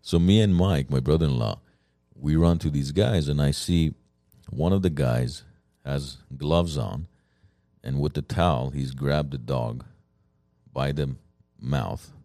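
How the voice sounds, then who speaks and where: Very deep-voiced man telling a story. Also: a little slow, vocal fry, no echo, clean studio sound. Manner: animated storyteller, many fillers and restarts. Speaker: podcast co-host telling a story. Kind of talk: casual storytelling among friends.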